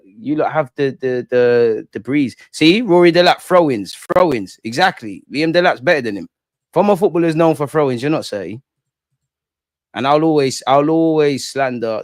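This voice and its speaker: A man's voice: mid-range voice, darkish tone, no echo, clean studio sound. A young man, chatting casually on a live stream in slangy, joking banter. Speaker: streamer reading live chat. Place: room at home with curtains closed.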